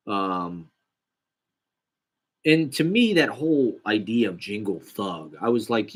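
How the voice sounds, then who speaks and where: A young man with a slightly low voice, talking casually in a rambling monologue. He swears freely and pokes fun at himself. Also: sing-song, moderate pace, breathy edge. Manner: rambling, profane, self-deprecating.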